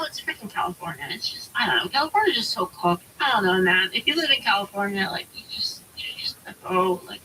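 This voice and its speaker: Streamer, female, American: heated profane rant, bright tone, distant mic. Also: medium pitch. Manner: heated, profane ranting with many fillers. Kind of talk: casual chat. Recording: distant mic with faint hiss.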